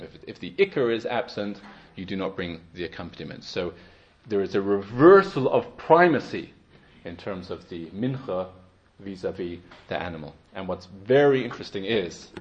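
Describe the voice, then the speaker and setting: A man delivers a Torah lecture at a medium pitch, measured and explanatory, with sudden emphatic stresses. The sound is slightly dull and lo-fi. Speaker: Torah teacher.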